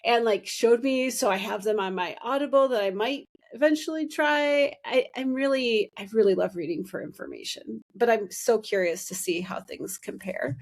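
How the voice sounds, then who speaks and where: A woman's voice: a little high, normal speed, few pauses. A middle-aged woman hosting a podcast, chatting casually and rambling with many restarts. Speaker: podcast host. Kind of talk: casual chat.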